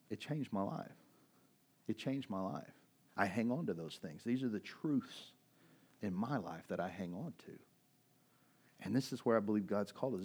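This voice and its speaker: A man's voice: lowish voice, darkish tone, husky. A man in his forties, a pastor preaching a sermon and telling a personal story in a conversational way, with many fillers and restarts. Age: 40s.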